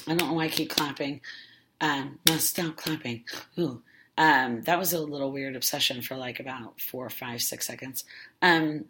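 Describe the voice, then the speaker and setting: A woman hosts her own podcast in a loose solo monologue, her voice bright and forward. She swears casually and keeps drifting off her point before circling back. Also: a bass voice. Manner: rambling and profane, with many fillers and self-interruptions. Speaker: podcast host.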